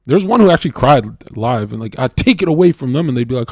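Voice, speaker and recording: A man's voice: mid-range voice, lively intonation, fast talker, a little mellow, no room sound, studio quality. A man livestreaming, telling a crude, profane confessional story with stammered restarts. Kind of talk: casual unscripted stream monologue.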